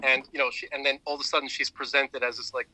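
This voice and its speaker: Bright, rambling man telling a story. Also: medium pitch, level tone, fast talker, no echo, rough recording. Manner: rambling storyteller, many fillers and restarts. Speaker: podcast co-host. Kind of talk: casual chat.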